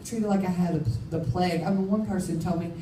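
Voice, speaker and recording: A woman's voice: on the low side, fairly even intonation, fast, background noise. A woman giving a candid, emphatic personal testimony as a conference speaker, often laughing at herself. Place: conference hall. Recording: roomy hall, speaker far from mic.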